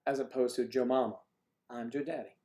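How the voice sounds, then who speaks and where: A man's voice: medium pitch, steady tone, fairly quick, warm tone. A man hosting a casual livestream chat with viewers, rambling and joking with lots of fillers.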